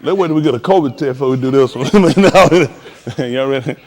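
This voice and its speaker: A man's voice: mid-range voice, fairly quick, a little mellow. A man coaching a group class, joking and laughing as he runs practice drills. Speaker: class instructor.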